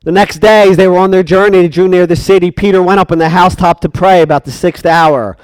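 A man's voice: sits high, steady tone, fast, clean tone, no echo. A man preaching a sermon, emphatic and questioning his congregation.

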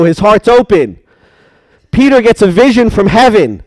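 A man's voice: high-pitched, sing-song, moderate pace, darkish tone, dry recording. A man preaching a sermon, emphatic and questioning his congregation.

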